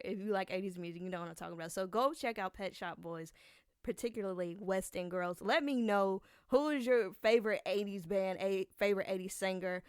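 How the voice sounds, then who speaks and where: A woman's voice: medium pitch, clean tone, no echo, clean studio sound. A woman hosting a podcast in a casual, chatty monologue, rambling with lots of fillers. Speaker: podcast host.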